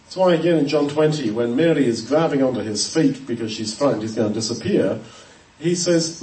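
A man's voice: fairly high pitch, animated, a little fast, dark tone. A man preaching an expository sermon, earnest and emphatic, often restarting words. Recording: echoey room, voice from a distance.

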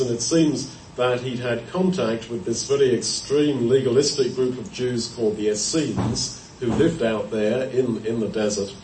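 A man giving a Bible teaching sermon, explaining verses in a measured way with pauses and self-corrections. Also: mid-range voice, a little mellow. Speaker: preacher. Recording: roomy, distant mic, faint background noise.

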